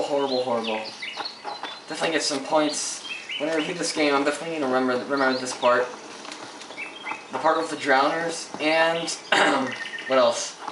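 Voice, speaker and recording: A man giving live commentary over a role-playing game, swearing and ranting often. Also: medium pitch. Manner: profane, frustrated ranting. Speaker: gameplay commentator. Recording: echoey, distant mic, noisy game sound. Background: game audio with ambience.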